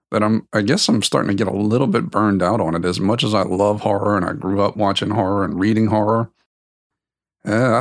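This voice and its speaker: A man's voice: on the low side, dry recording, studio quality. A man hosting his own podcast in a loose, unedited chat, rambling, correcting himself and chuckling often. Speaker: podcast host.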